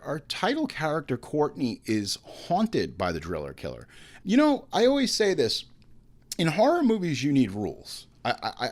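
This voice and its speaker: A man hosting a horror movie podcast, talking casually and crudely with lots of jokes, then reading ads. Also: mid-range voice. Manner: animated, crude, joking.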